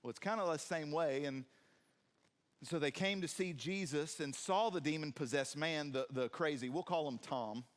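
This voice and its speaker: A man with a fairly high voice preaches a sermon in a church sanctuary. He is animated and acts out scenes in different voices, joking with the congregation. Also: normal speed. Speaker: pastor.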